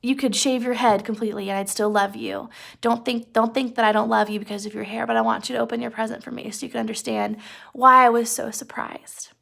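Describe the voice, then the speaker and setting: A woman voicing a calm, gentle young husband who speaks slowly and reassuringly. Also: on the high side, gravelly, heavily acted.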